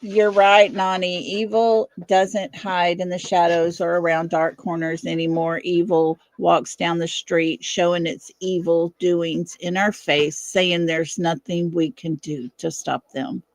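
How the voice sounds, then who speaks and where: A woman's voice: fairly low pitch, level tone, a little slow, hardly any pauses, dry recording. A middle-aged woman hosting a casual livestream from her home, chatting with viewers, laughing often and fussing over her dog. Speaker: livestream host. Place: at home, indoors.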